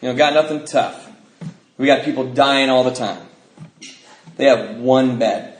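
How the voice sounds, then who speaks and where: A man from the Pacific Northwest of the US, speaking at a recovery convention, telling his story in an animated way, acting out the people in it and laughing often. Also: medium pitch, unhurried. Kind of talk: storytelling talk to an audience. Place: convention hall. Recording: echoey hall, faint noise.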